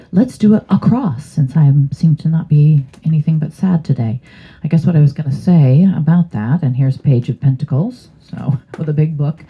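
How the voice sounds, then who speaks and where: On a tinny, phone-like recording, a woman with a low voice and a breathy edge reads tarot casually for her channel. Her delivery is rambling and hesitant, packed with fillers.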